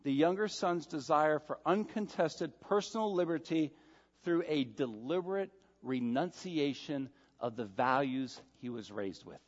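A male pastor preaching a sermon, emphatic, swinging between loud stresses and soft, quiet asides. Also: fairly high pitch, animated, a little slow. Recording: dull sound with long hall reverb.

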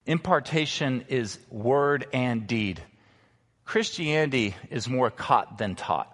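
A man pastor preaching a sermon, emphatic, slowing down to stress key words. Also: mid-range voice, animated, a bit bright. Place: church sanctuary. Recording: long reverb of a large hall.

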